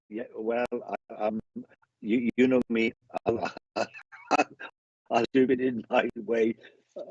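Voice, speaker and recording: A man giving a live mediumship reading, chatty and halting, often restarting sentences as he passes on messages. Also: medium pitch, darkish tone, husky, no echo, highs cut off. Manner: chatty, laughing, stumbling restarts, relays spirit messages.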